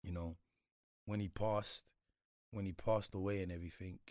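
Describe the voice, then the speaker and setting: A man's voice: deep voice, steady tone, moderate pace, darkish tone, no room sound, studio quality. A man, a guest in a casual interview, talking reflectively with slang and frequent repeats. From Congo.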